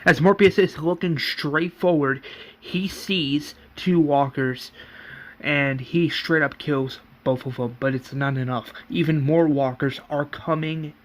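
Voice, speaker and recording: A man's voice: a little high, fairly even intonation, measured pace. A man casually narrating his own fan story, loose and full of fillers like "you know". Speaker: fan series writer and narrator.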